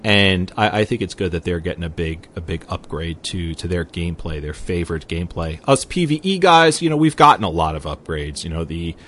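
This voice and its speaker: A man hosting a gaming podcast, leading the group discussion in an animated way. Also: sits low, a little fast, hardly any pauses, a little hiss or hum. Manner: animated, leads the talk. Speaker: podcast host.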